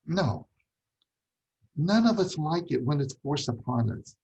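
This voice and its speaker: A man's voice: fairly high pitch, sing-song, a little slow, gravelly, darkish tone, a little hiss or hum, low-quality recording. A man teaching a ministry class on parenting, emphatic, repeating key points and asking rhetorical questions.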